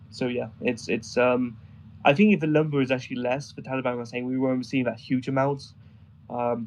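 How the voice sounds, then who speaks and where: A man with a gravelly, rough-edged voice at a middling pitch, chatting casually. He tells rambling, amused stories full of ums and uhs. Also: darkish tone, low-quality recording. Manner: rambling, amused storytelling with many fillers. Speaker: guest describing travels in Afghanistan. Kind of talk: casual conversation on a voice chat.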